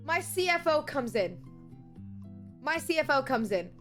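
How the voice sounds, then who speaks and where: A young woman streaming, chatting casually with viewers and telling stories in an animated, incredulous way. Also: high-pitched, a little slow, soft background music. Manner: animated storytelling, incredulous rants.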